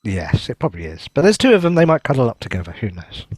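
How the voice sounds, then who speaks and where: A man's voice: mid-range voice, huge pitch swings, quick pace, a little mellow, no room sound. Amused man reading out on a podcast. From England. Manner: amused, reads aloud, laughs often. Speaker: podcast co-host. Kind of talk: casual chat.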